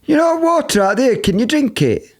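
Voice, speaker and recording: A man's voice: very high-pitched, very animated, moderate pace. A man joining a podcast remotely, asking naive questions in casual banter. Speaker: podcast co-host. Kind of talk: casual chat. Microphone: remote call.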